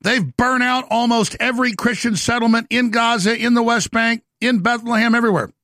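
A middle-aged man with a gravelly voice hosting a talk show, delivering an intense, boastful monologue. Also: very high voice, fairly even intonation, brisk, sharp tone, no echo, clean studio sound. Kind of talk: ranting monologue.

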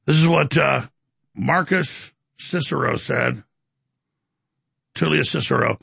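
A man hosting a talk radio show, taking callers in a forceful, exasperated way. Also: mid-range voice, slow pace, vocal fry, long pauses, slightly rough, no room sound. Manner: forceful, exasperated, and prone to dramatic recitation.

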